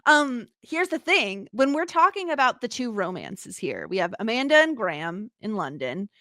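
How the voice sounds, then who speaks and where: A woman co-hosting a podcast, chatting casually about a film in an animated, playful, emphatic way. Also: fairly high pitch, moderate pace, dry recording, clean studio sound. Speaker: podcast co-host. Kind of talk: casual chat.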